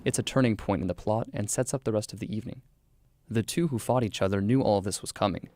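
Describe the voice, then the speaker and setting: Low-voiced male radio reporter. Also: fast talker, darkish tone. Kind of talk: scripted news feature narration.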